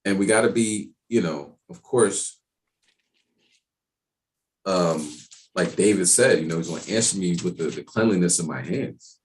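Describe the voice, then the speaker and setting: A man teaching an evening Bible class in a casual, streetwise way, talking in animated asides. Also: low voice, unhurried, long pauses, slight background noise.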